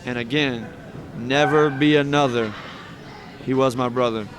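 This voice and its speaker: A man's voice: mid-range voice, steady tone, a little slow, crowd noise. A man, a professional wrestler, telling rambling, heartfelt stories with laughs between them in a casual interview.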